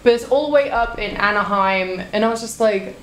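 A woman's voice: medium pitch, brisk, roomy sound, a little hiss or hum. A woman in her thirties casually telling a story to her stream chat. She is chatty and swears freely.

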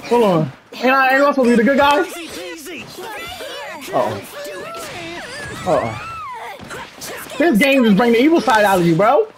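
A young woman loudly commentating her own gameplay, cursing and yelling at her opponents. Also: fairly high pitch, sing-song, moderate pace, pauses often. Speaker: gaming streamer. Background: game music.

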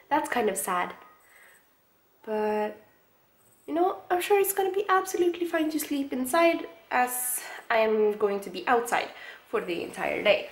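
A young woman in her twenties, a student vlogger, chats enthusiastically to a handheld camera out in the countryside and laughs often. Her voice sits a little high, and there's a faint hiss or hum on the recording.

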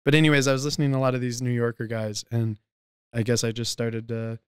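A young man chatting casually as a podcast guest, telling stories in a relaxed, rambling way with lots of fillers. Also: medium pitch, fast, smooth, dry recording, studio quality. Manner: laid-back, rambling, with filler words and laughs.

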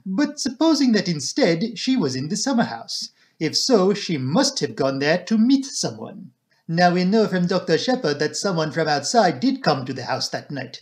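A man voicing a grave, self-assured male detective in an audiobook reading, speaking in a precise, deliberate, stern way. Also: fairly high pitch, close to an everyday voice.

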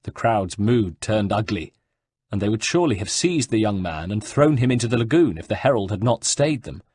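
A man narrating an audiobook in measured, scripted storytelling. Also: lowish voice, expressive, darkish tone, breathy edge, no room sound, clean studio sound.

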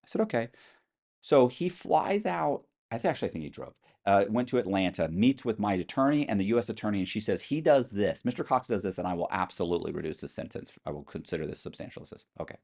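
Man, low voice, very lively pitch, blunt storyteller, casual interview. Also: quick pace, gravelly. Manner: animated storyteller acting out quoted voices; blunt, swears freely. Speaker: interview guest.

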